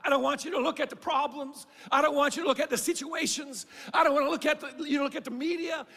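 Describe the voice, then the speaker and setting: A male pastor preaching a fervent sermon, shouting out lines and then dropping low. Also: fairly even intonation, fast, gravelly, big-room sound. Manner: fervent preaching, swings between shouting and quiet. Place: church sanctuary.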